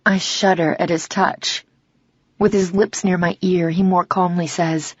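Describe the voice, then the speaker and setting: Woman, lowish voice, dry and slightly dull audio, first-person romance audiobook narrator. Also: moderate pace, husky, no room sound. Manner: acts out dialogue, softer and lower for the male lover.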